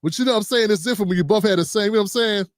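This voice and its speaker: Slangy middle-aged guy hosting his show, high voice, joking around with chat, dry close sound. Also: rapid-fire, no echo. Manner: loose, playful, slangy, riffing with chat. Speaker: political talk show host. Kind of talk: casual livestream commentary.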